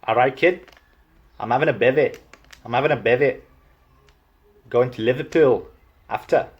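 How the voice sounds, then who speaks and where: A man's voice: mid-range voice, normal speed, slightly rough, dull audio. A man voicing a cheery young male Liverpool lad in a Scouse accent, bantering in slang about the match. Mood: excited. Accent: Scouse imitation.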